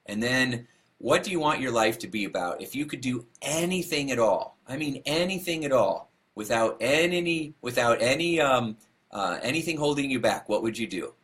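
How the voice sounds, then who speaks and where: A man's voice: mid-range voice, lively intonation, normal speed, a bit bright. A man giving a motivational talk, telling a story and acting out what people said, laughing at himself along the way. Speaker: motivational speaker.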